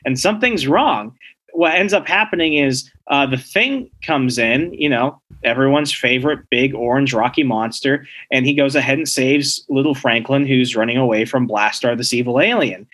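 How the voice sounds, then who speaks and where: A man co-hosting a podcast, casually recapping a comic book story with lively storytelling and quick bits of acting out the characters. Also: medium pitch. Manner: animated storytelling, acts out characters' lines. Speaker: podcast co-host.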